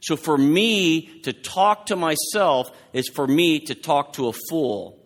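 A man's voice: on the high side, slow pace. Man preaching in a reverberant hall. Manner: animated, conversational preaching with restarts. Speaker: pastor. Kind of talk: sermon.

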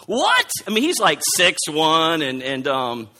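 A middle-aged man preaching with a bright, forward tone that sits a little high for a man. He tells a story from his own life in halting bursts, restarting and repeating words as he goes. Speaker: pastor. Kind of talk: sermon with personal story.

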